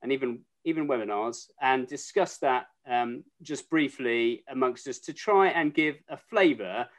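A man's voice: mid-range voice, a little slow. A man hosting a casual video-call chat, joking with his guests as he introduces them. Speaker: host.

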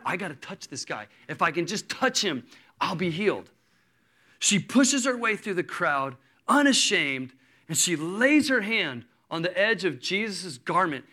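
A man in his thirties preaching a sermon, telling a story with lively energy and acting out the people in it. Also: high voice. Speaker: pastor.

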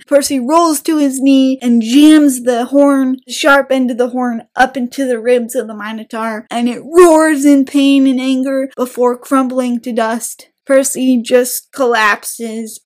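A woman hosting a book podcast, summarizing a chapter in a lively retelling and discussing it. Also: sits high. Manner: lively retelling, acting out quotes with bursts of energy.

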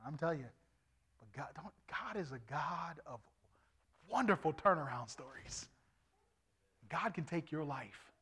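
A middle-aged man preaching his testimony as an evangelist, animated and swinging from loud to hushed. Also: on the high side, unhurried, long pauses, slightly rough. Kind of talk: testimony sermon.

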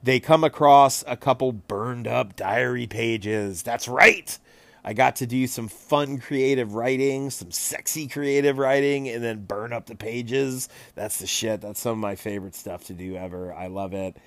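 A man acting as game master, recapping a tabletop session in a casual, animated and profane way, laughing often. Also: mid-range voice, unhurried, no room sound.

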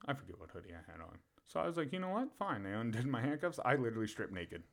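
A man with an everyday mid-range voice tells a story on a podcast. His pitch swings widely as he talks. He keeps it casual and profane and laughs as he goes. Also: sing-song, rapid-fire. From Pennsylvania. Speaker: podcast co-host.

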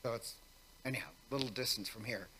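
A man's voice: mid-range voice, brisk, sharp tone, slightly rough. A priest giving a conversational weekday homily, wry and self-mocking in his asides. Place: church. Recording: long church reverb.

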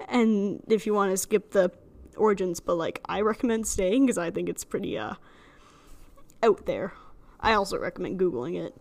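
A woman's voice: mid-range voice, animated, moderate pace, a little mellow. A young woman with a slight lisp hosting a solo podcast, chatty and rambling, joking at her own expense. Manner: chatty, rambling, self-deprecating with frequent laughs. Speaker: podcast host. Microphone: studio microphone alone in a room.

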